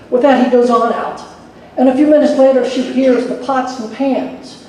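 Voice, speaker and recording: Folksy guy emceeing, high voice, echoey hall, far from the mic. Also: normal speed, slight background noise. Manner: folksy, animated storytelling. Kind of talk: telling jokes and introducing speakers. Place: convention center stage.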